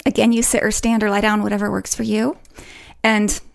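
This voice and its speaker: A woman hosting a solo podcast, talking in a melodic, playful way that swoops up in pitch to make her points. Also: flat delivery, fairly quick, gravelly. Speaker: podcast host.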